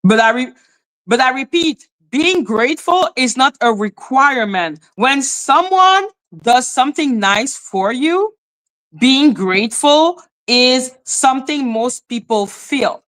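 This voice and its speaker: Woman host, blunt profane live-stream rant, fairly high voice. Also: slow. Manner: blunt, profane, swings between flat mutters and high exclaims. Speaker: livestream host.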